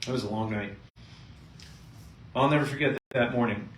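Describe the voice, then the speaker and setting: A middle-aged male chiropractor talks to a seminar crowd, leaning into an animated patient story. He sits back from the mic, so the room's echo rings around his voice, and a faint hiss stays under it. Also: medium pitch, moderate pace. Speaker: chiropractor giving a health seminar. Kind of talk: live seminar talk to an audience. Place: seminar room with a live audience. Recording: echoey room, mic at a distance, faint noise.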